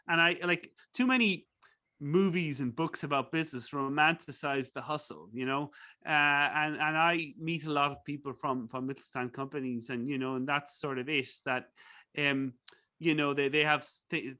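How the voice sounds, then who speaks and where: Irish guy on a podcast, bright voice, kinda high, rambles with lots of "you know"s. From Ireland. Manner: rambling storyteller, many fillers and restarts. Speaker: guest, business professor. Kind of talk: casual interview chat.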